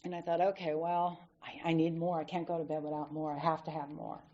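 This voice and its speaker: Woman, low-ish voice, candid recovery talk at a podium, dull lo-fi recording. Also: a little fast. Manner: candid, animated storytelling with acted-out quotes. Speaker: AA speaker.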